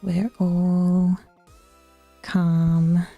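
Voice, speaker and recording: A woman with a New Zealand accent chatting casually with her viewers as a Twitch streamer, bluntly teasing and slipping into soft whispered asides. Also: fairly low pitch, level tone, very slow, no echo, faint music behind.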